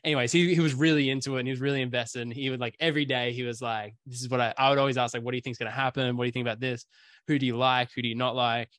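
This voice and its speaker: A man hosts a relaxed casual chat, rambling through stories at a racing pace and leaning on fillers like "like" and "um". His voice sits at an ordinary male pitch, and the sound is close and dry with no room around it.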